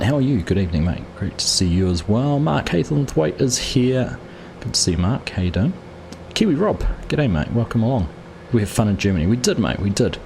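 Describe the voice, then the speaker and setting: Low-voiced man hosting a game stream. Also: a little hiss or hum. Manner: chatty, greets viewers by name while playing. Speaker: livestream host. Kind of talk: casual gameplay commentary.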